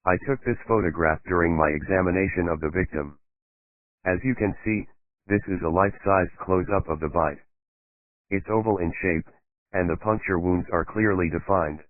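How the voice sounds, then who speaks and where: A man's voice: low-pitched, no room sound, close to an everyday voice. A man reading a detached forensic dentist. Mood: matter-of-fact. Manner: measured, matter-of-fact testimony. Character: detached male forensic dentist expert witness. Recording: tinny phone-like dry sound.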